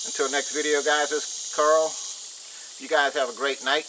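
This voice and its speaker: Folksy man vlogging outdoors, loud crickets. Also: on the high side, level tone, normal speed, noisy background. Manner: folksy, talks straight to viewers as "y'all" and "guys". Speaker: homestead vlogger. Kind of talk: casual chat to camera. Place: outdoors on a rural homestead.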